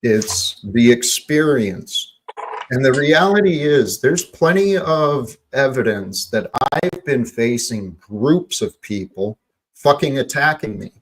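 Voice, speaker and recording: A man hosting a livestream panel, talking slowly and pleading for calm in a heated chat. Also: mid-range voice, slight background noise, poor audio.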